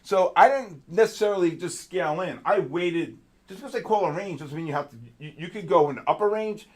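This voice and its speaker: A man hosting a live trading stream, talking excitedly and chatting with viewers as he goes over the markets. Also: high-pitched, a little fast. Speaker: host.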